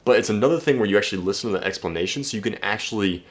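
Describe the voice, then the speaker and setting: A young man talking casually to camera as a dating coach, blunt and energetic, swearing freely and restarting his sentences. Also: on the low side, rapid-fire. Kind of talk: casual direct-to-camera talk.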